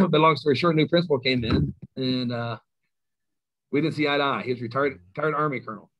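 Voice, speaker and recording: A middle-aged man with a Kentucky accent, a high school coach telling stories as a guest, self-mocking and laughing often. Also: brisk, a bit bright. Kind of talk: casual storytelling interview. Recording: slightly dull lo-fi sound.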